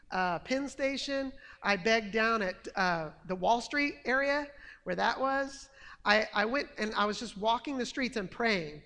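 A man telling a personal testimony story in an earnest, animated way. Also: high-pitched, big-room sound. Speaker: testimony speaker.

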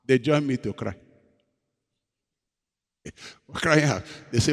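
A man, a pastor preaching a sermon in a dramatic storytelling way, moving between loud emphasis and hushed confession. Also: medium pitch, slow, pauses often. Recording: long hall reverb.

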